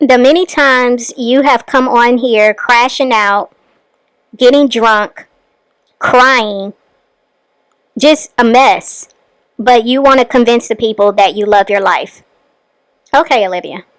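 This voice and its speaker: A woman's voice: a little high, slow, pauses often, a bit bright, dry recording, rough recording. A woman hosting a reaction commentary, scolding the person on screen with pointed rhetorical questions. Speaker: commentary channel host.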